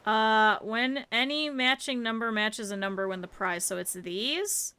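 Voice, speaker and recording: A woman's voice: on the high side, measured pace, few pauses, bright, forceful tone, clean tone. A woman streamer chatting to her viewers over gameplay, swearing freely and reacting to the game as she plays. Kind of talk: casual gameplay commentary.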